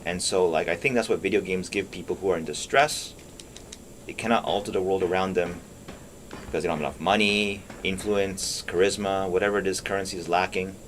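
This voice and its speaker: This streamer's low voice stays steady in tone and runs fairly quick, with a bit of background noise. Playing a video game, he rambles and thinks out loud, swearing casually and drifting off mid-thought.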